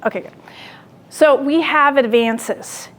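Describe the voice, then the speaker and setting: A woman's high, somewhat bright voice moves slowly through a classroom lecture. She recounts something personal, performing her own lines with animation, then poses direct questions to the audience.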